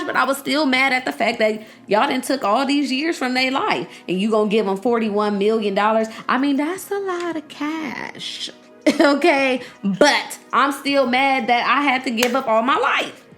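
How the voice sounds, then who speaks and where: A young woman hosting a podcast in casual chat. She talks in an animated, profane way, laughs often and acts out the people she quotes. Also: medium pitch, normal speed, soft background music. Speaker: podcast host.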